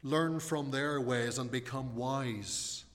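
A man preaching a sermon in an earnest, measured way, reading scripture and leaning hard on key words. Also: mid-range voice, a bit bright, in a large hall. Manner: earnest, measured preaching with slow emphatic stresses.

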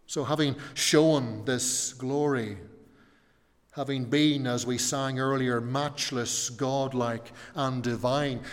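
A male pastor preaching a sermon in an earnest way, rising to emphatic questions and dropping soft. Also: mid-range voice, fairly even intonation, takes it slowly. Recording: long reverb of a church hall.

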